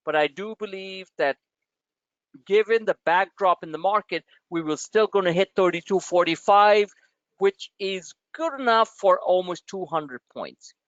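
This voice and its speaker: A man's voice: high voice, a little slow, no echo. A male trading show host talking brashly and with jokes through a live market webinar, calling his listeners "my friend". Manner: animated, brash and joking, addresses listeners as "my friend". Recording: dry, dull lo-fi stream audio.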